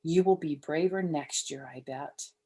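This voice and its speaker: An older woman voicing a gentle, reassuring toy elephant in a storybook reading. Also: low voice, a little slow, husky.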